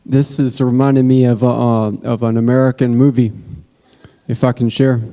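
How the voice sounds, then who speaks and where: A man with a warm, dark voice chats hesitantly to his teacher. The sound carries a long hall reverb. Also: medium pitch, flat delivery, normal speed. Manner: casual, hesitant retelling with fillers. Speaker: student asking a question.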